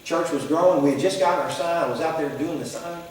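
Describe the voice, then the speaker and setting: Folksy pastor in an echoey hall. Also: male voice, fairly high pitch, fast talker, distant mic, slight background noise. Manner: folksy, animated storytelling with quoted voices. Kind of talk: sermon storytelling. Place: church sanctuary.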